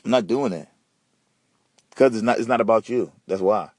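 A man hosting a podcast, ranting and telling stories in a slangy, profane, animated way. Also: fairly low pitch, normal speed, no echo, clean studio sound. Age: adult. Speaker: podcast host. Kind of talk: casual solo podcast rant.

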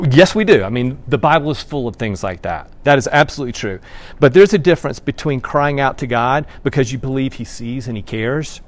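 Male pastor, mid-pitched, conversational sermon that drops to a hush and then rises to emphatic bursts. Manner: conversational, swings from hushed to loud and emphatic.

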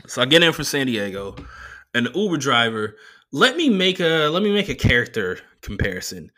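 Male solo podcast host: casual, profane storyteller with a bright, lively voice. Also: mid-range voice, brisk. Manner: profane, animated, does voices.

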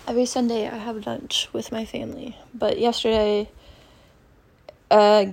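A woman's voice: on the high side, level tone, measured pace, vocal fry, darkish tone. A young woman hosting a podcast, chatting in a meandering way and thinking aloud, with lots of fillers, from a bedroom at her mother's house. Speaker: podcast host. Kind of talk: rambling solo podcast chat.

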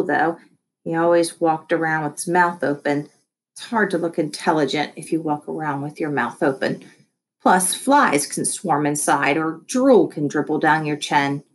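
A woman reading a first-person children's novel aloud with wry, expressive storytelling. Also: sits low, a little hiss or hum. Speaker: audiobook reader. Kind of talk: first-person scripted narration.

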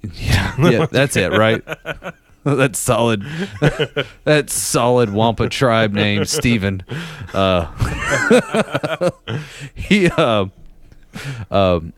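A man's voice: mid-range voice, expressive, drawn-out words, pauses often. A man co-hosting a casual podcast chat, telling stories in a loose, rambling way full of fillers. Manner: rambling, filler-heavy storytelling with laughs. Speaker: podcast co-host.

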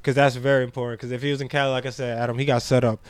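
A man co-hosting a casual podcast chat, loud and animated, laughing often and telling stories in heavy slang. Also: mid-range voice, racing, no echo. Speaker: podcast co-host.

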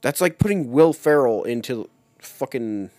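Young male co-host, blunt grumbler, pitch swings widely, dry sound. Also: lively intonation, a little slow, a little mellow, no echo. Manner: blunt and grumbling, heavy swearing. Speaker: podcast co-host. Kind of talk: casual podcast chat.

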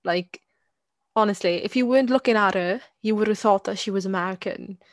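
A woman's voice: mid-range voice, brisk, no echo. A woman co-hosting a casual discussion podcast, talking in a hesitant way with many restarts and repeated words. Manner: hesitant, repeats words, frequent "you get what I mean". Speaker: podcast co-host.

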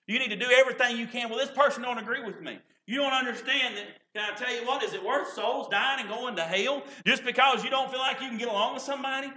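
A man preaching in a folksy, repetitive style, his voice high and bright. He leans on homespun stories. His voice rings out through an echoey church sanctuary. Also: quick pace, hardly any pauses. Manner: folksy, repeats "can I tell you what". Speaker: pastor. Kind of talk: sermon.

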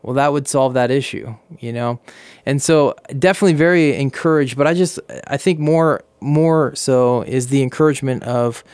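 A man, a pastor, interviewing a guest in a relaxed talk, rambling with many fillers and restarts. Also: mid-range voice, normal speed, smooth, no room sound. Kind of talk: casual faith interview.

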